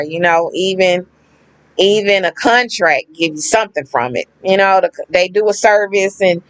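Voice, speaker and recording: A woman's voice: lowish voice, normal speed, dry recording, low-quality recording. A woman venting to her camera in a loose, slangy storytelling flow. She leans on repetition for emphasis and slips into other people's voices as she recounts them. Her voice is recorded up close and dry, with no room sound around it. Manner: animated, acts out quoted people, emphatic repetition; slangy, conversational. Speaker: vlogger.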